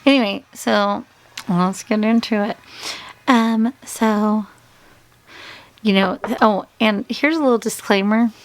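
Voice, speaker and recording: A woman's voice: fairly high pitch, no echo. A woman in her forties chatting casually as a beauty vlogger, rambling, trailing off and restarting her sentences. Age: 40s. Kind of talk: casual makeup tutorial chat.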